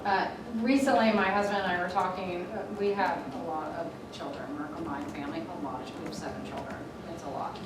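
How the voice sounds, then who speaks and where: A woman's voice: on the low side, steady tone, fast talker, hardly any pauses. A middle-aged woman leading a coaching workshop, chatty, telling self-deprecating stories between her points. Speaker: workshop facilitator. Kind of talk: classroom instruction. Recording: echoey room from far off, noisy.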